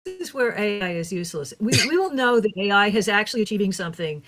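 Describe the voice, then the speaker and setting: A woman's voice: medium pitch, animated, quick pace, fairly bright tone, faint music behind. A woman from the United States interviewing a guest in easy chat, often saying you know. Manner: chatty, leans on you know.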